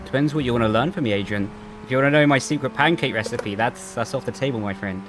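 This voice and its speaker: A young man chats loosely into a headset mic from his home racing rig, reading messages aloud and drifting off topic. His intonation stays flat, his pitch sits mid-range, and faint background noise hums behind him. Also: fast. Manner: chatty, rambling, reads chat aloud and laughs easily. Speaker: sim racing streamer. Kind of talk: casual livestream chat while racing. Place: home sim rig room.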